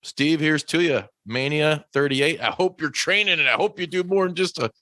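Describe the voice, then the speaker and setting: Brief: man hosting a podcast, casual and profane, dry close mic, a bit high. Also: moderate pace, sharp tone, no echo. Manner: swears freely, loose and rambling. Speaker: podcast host. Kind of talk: casual chat.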